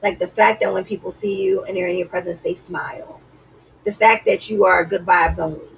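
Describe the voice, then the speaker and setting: Gravelly-voiced woman giving earnest advice. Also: lowish voice, fairly even intonation, moderate pace, distant mic, slight background noise, rough recording. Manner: earnest, preachy, retelling stories with lots of "like". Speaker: relationship advice vlogger. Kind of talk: casual advice talk.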